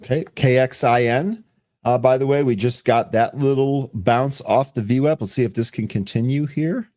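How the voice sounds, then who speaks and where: A man co-hosting a live market show, calling out tickers and price moves in quick running chatter. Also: medium pitch, darkish tone. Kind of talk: live trading commentary.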